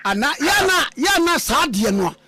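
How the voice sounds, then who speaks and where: A man with a Ghanaian accent hosting a talk show, throwing in quick prompts and questions. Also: very high voice, sing-song, bright, forceful tone.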